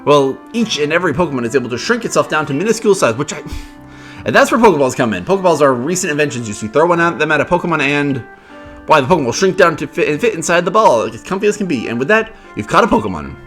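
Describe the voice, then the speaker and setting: A man's voice: a little high, sing-song, rapid-fire, fairly bright tone, faint music behind. Brief: courteous game researcher, talkative and explaining, read by a man in his own voice. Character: polite, chatty male researcher, adult.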